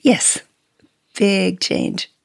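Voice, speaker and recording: A woman in her eighties, originally from Sweden, reminiscing softly in an interview, halting and laughing often. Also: mid-range voice, creaky, no room sound, whispered. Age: 80s. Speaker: interview guest. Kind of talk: reminiscing conversation.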